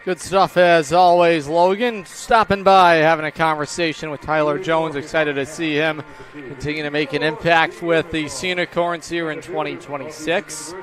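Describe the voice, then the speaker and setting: Brief: male play-by-play voice, slightly high, brisk, upbeat live baseball call. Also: steady tone, music in the background. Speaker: play-by-play announcer.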